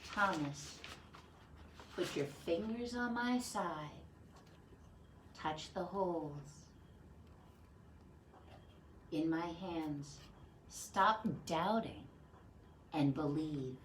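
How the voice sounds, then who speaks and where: A woman voicing Jesus as a calm, gentle man in a children's Bible story. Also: lowish voice, extremely slow, long pauses, echoey room, a little hiss or hum.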